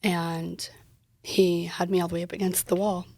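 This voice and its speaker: A woman retells a painful personal story in an interview, candid and emotional, and acts out the dialogue as she goes. Her voice is gravelly and husky. It is recorded close and dry. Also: lowish voice, little pitch movement, normal speed, a little mellow, no echo. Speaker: podcast guest.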